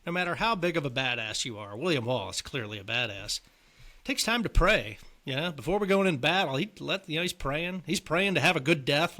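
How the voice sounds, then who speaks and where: A man's voice: fairly high pitch, sharp tone. A man co-hosting a podcast, chatting easily about a film and putting questions to his co-host. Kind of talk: casual movie chat.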